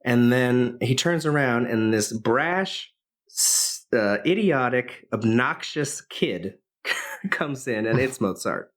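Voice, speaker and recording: His voice sits in the middle range, fairly bright and expressive, and he takes his time. The man is a podcast co-host giving a casual, rambling retelling of a film, packed with fillers and restarts.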